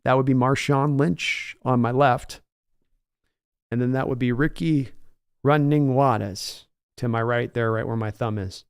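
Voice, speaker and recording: Smooth, upbeat man hosting a stream. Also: medium pitch, fairly even intonation, unhurried. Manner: enthusiastic, rambling, restarts words. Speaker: sports podcast host reading live chat. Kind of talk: casual livestream chat.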